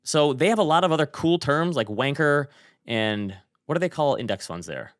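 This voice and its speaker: A man co-hosting a podcast, telling stories in animated, chatty banter. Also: a little high, normal speed, clean tone, dry recording, clean studio sound. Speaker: podcast co-host. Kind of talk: casual chat.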